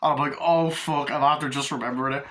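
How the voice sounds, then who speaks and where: A man's voice: medium pitch, fairly even intonation, fast talker, a bit bright. A young man giving a casual, rambling and profane film review, acting out scenes as he retells them. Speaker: movie reviewer.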